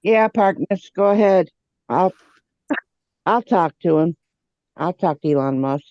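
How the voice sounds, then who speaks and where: A man's voice: sits high, expressive, measured pace, no echo, highs cut off. A man in a casual group chat, speaking bluntly and swearing. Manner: blunt and profane.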